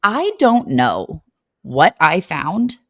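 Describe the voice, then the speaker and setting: A young woman co-hosting a podcast, telling a story in a casual, animated way with lots of fillers. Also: deep voice, drawn-out words. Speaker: podcast co-host.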